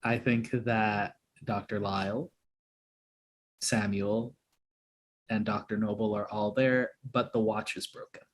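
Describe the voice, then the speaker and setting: A man discusses plans with fellow players during a tabletop roleplaying game. He talks them through aloud in an animated, thoughtful way. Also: fairly low pitch, takes it slowly, long pauses, a little hiss or hum.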